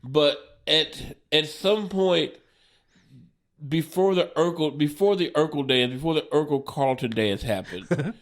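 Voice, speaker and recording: A man in his forties, a stand-up comedian, tells a story on a podcast. His voice sits a bit high for a man, and he talks in an animated, profane way, laughing through the tale. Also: unhurried.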